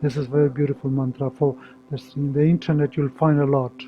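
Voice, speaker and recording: A man leading a live-streamed guided meditation, speaking slowly and soothingly with gentle instructions. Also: mid-range voice, level tone. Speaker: meditation teacher. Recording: dull lo-fi audio with music. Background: soft meditation music.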